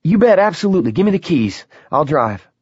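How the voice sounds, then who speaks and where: A man voicing an anxious young man who speaks higher and quickly. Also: very animated, darkish tone, husky, no room sound, lo-fi sound. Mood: urgent.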